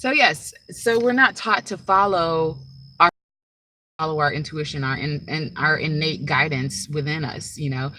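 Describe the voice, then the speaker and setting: A woman's voice: low voice, a little slow, pushed and bright, rough recording. A woman speaking as a spiritual teacher in a casual, rambling monologue, often checking in with "right?" and "like".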